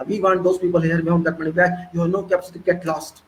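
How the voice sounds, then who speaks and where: A political commentator with an Indian accent rants excitably in an impassioned, heavily repetitive monologue. His voice is high and quick-paced, and the rough recording has slight background noise.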